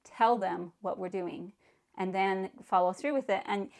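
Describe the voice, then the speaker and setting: A woman's voice: medium pitch, unhurried, a little mellow. A middle-aged woman giving parenting advice in a casual, earnest talk, repeating words and leaning on "you know". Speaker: parenting vlogger.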